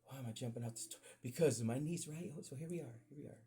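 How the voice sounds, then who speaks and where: On a podcast, an adult man with children tells rambling, profane stories casually, acting out the quoted voices of his family members. His voice is mid-range and dark in tone, and he talks at a racing pace.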